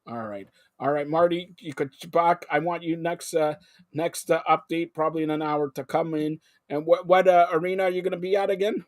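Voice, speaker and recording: A male host on a live sports talk show, excitable and jumping between topics with loud outbursts. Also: a little high, brisk, dry recording, studio quality.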